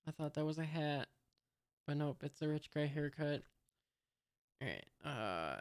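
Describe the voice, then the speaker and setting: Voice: medium pitch, normal speed, vocal fry, darkish tone, no room sound, clean studio sound. A host reading a comic aloud for the first time, hesitant and commenting along, reading out sound effects and punctuation.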